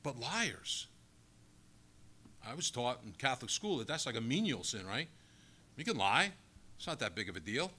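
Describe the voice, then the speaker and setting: A man's voice: fairly high pitch, pushed and bright. A male pastor giving a sermon, preaching emphatically and asking the congregation rhetorical questions.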